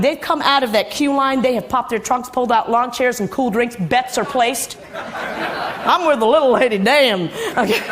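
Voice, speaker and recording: Brief: middle-aged woman storyteller onstage, high and swooping, teasing the crowd. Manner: animated, playful asides to the audience. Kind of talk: live storytelling performance. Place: stage before a live audience.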